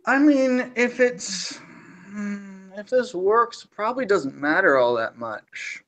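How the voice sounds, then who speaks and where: A woman in a casual tabletop game session as a player, talking hesitantly with fillers and soft laughs. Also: mid-range voice, expressive, slow pace.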